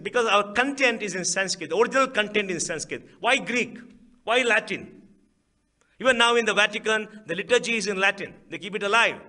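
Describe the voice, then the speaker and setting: A middle-aged man with an Indian English accent delivers an emphatic public speech in a lecture hall as a guest speaker. His voice is high-pitched, pushed and bright, and he leans on rhetorical questions and repeated phrases.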